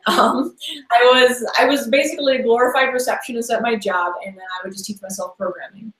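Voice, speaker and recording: A woman's voice: a little high, a little fast, a bit bright. A woman guest in a casual interview, talking in a rambling, chatty way with lots of "like" and restarts. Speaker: podcast guest. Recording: echoey room sound.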